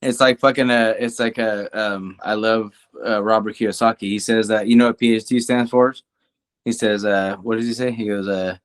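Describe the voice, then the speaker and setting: A man co-hosting a podcast in a casual chat, swearing a lot and rambling, his voice climbing when he gets worked up. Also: moderate pace. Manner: profane, rambling, animated, rising pitch when worked up. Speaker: podcast co-host; coach.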